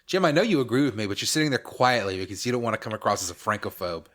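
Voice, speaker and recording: Rambling, animated male podcast host. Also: lowish voice, rapid-fire. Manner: rambling, heavy use of "like", mock-outraged ranting. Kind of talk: casual gaming podcast chat.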